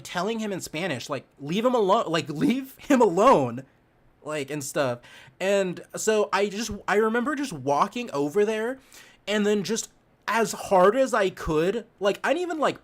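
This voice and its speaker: A young man streaming a game and telling a childhood story in a rambling, profane way, laughing as he goes. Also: sits high. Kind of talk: casual storytelling while gaming.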